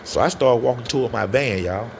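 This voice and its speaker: A man telling a personal story in a casual, animated way, often turning to his listeners. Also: medium pitch, brisk, gravelly, a little hiss or hum. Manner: animated, addresses listeners as y'all. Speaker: storyteller guest.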